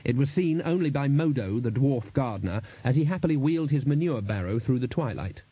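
A man reads a comic fantasy audiobook, his pitch moving expressively through each sentence. The voice is warm and slightly husky, recorded dry and close. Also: fairly quick, no echo, low-quality recording. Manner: lively, expressive reading. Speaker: narrator. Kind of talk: audiobook narration.

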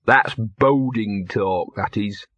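A man's voice: lowish voice, slow, a bit bright, breathy edge, no echo, exaggerated voice. A man voicing a streetwise talking male dog who mutters wry, grumbling asides, on a dull, dry recording.

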